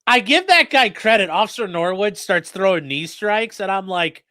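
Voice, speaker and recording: A man's voice: high voice, animated, a little slow, pushed and bright. A man, an attorney hosting a live stream, commenting on court footage in a profane, joking way and slipping into voices.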